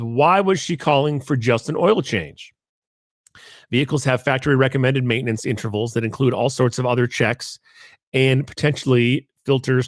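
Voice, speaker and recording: Male live-stream host, casual and rambling, average pitch, dry close sound. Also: no echo. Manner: casual, chatty, with frequent fillers and asides. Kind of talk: live-streamed marketing talk show. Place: home in Connecticut.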